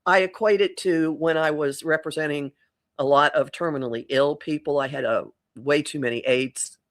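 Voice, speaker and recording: Her voice sits low with fairly even intonation and a moderate pace as this middle-aged astrologer chats on a casual podcast. She's reflective, often reworking her thoughts partway through.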